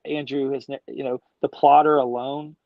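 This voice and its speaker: A man's voice: mid-range voice, flat delivery, normal speed, creaky, dry recording. A middle-aged man talking as a guest in a casual interview, an enthusiastic, slangy storyteller who rambles along. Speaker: guest, business founder. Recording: dull dry lo-fi sound.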